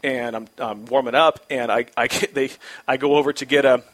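An animated man in his forties tells a story as an interview guest. His pitch is average for a man. He restarts his sentences often and acts out the other people in his story. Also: fairly quick. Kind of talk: casual storytelling.

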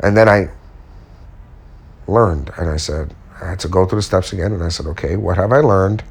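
A man's voice: sits low, moderate pace, creaky, husky. A man who works as a custom furniture maker, giving a blunt, slangy motivational talk and swearing casually as he goes.

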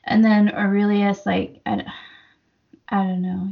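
Female podcast co-host, casual and giggly, gravelly tone, dull lo-fi recording. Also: mid-range voice, level tone, unhurried. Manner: chatty, laughs often, lots of fillers. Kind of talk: casual book discussion.

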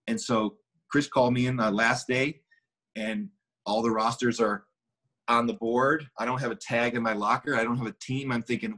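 A man's voice: medium pitch, steady tone, brisk, a bit bright. A middle-aged man, a former baseball player, casually telling a long anecdote with restarts and quoted dialogue. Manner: rambling, with many restarts and acted quotes.

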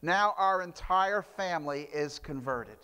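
A man's voice: on the high side, expressive, unhurried, sharp tone, smooth, in a large hall. A man preaching a sermon, telling stories with frequent restarts and fillers. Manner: storytelling with repeated restarts and fillers. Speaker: pastor.

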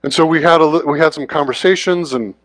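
A man's voice: fairly high pitch, quick pace, fairly bright tone, dry recording. A man giving a conversational sermon as a guest preacher, informal and often checking in with the congregation.

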